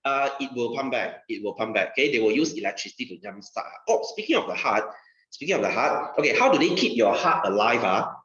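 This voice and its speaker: A man's voice: medium pitch, expressive, fast talker, fairly bright tone. A male science teacher, giving a casual lesson in a chatty way, repeating phrases and asking rhetorical questions. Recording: dull, roomy recording.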